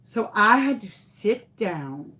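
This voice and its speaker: A woman's voice: mid-range voice, very animated, takes it slowly, sharp tone. A young woman telling a story in a casual, dramatic way, acting out the voices of the people in it. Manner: dramatic, exaggerated retelling with quoted voices. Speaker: craft vlogger.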